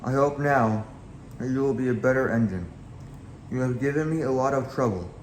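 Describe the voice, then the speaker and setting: A man's voice: mid-range voice, moderate pace, slight background noise, close to an everyday voice. A man reading a storybook aloud, voicing a stout male railway boss who is formal and scolding. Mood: stern. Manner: formal, scolding then kindly. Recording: echoey room, faint background.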